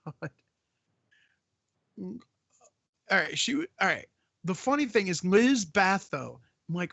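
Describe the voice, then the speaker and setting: A man's voice: high-pitched, sing-song, takes it slowly, vocal fry, pauses often, a bit bright, no echo, lo-fi sound. A man hosting a casual movie-riff chat, ranting and swearing in exasperation. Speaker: podcast host.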